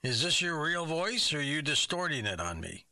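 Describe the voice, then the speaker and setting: A man hosting a comic guessing show, his voice very bright and slightly high. He fires off curious, probing questions and reacts with puzzled surprise. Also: very animated, moderate pace. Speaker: game show host.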